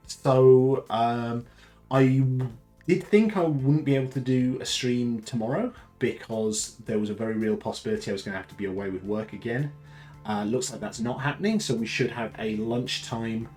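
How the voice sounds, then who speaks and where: A man talks casually into a live stream from his home, with a voice that sits on the low side. He rambles along with easy enthusiasm. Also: darkish tone. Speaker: streamer hosting a lunchtime chat.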